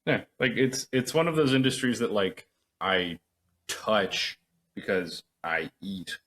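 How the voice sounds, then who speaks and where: A man's voice: on the low side, lively intonation, slow, a bit bright. A man co-hosting a podcast, chatting casually with lots of fillers and swearing, acting out reactions as he talks. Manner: rambling, profane, acts out reactions. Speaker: podcast co-host. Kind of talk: casual chat.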